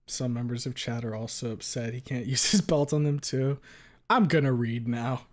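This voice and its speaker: A man's voice: medium pitch, steady tone, normal speed. A man streaming live and chatting casually with his viewers in a rambling, crude way, swearing a lot and talking back to chat.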